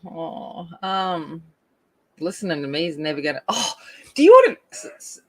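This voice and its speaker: A chatty Australian woman from North Queensland talks while she colours. Her pitch swings widely as she giggles and rambles along with plenty of fillers. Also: expressive, moderate pace, breathy edge. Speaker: colouring channel host. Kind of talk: casual chat while colouring.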